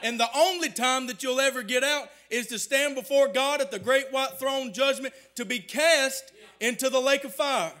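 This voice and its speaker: A man preaching with a strikingly high, bright voice. He stumbles and repeats himself in places, then climbs to loud, drawn-out shouts on key lines. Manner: builds to loud shouted emphasis, halting repetitions. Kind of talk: sermon.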